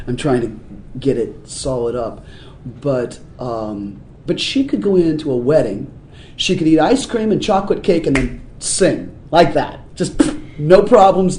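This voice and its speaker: A man being interviewed as a musician guest, telling stories in a lively way and laughing often. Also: mid-range voice, a little hiss or hum. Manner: animated storyteller, laughs often. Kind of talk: casual interview talk. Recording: roomy echoey room sound.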